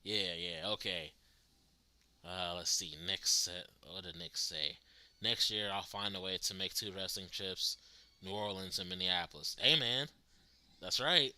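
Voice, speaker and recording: A man with a low, unhurried voice hosts a live stream reacting to wrestling, animatedly talking to his chat viewers and laughing frequently.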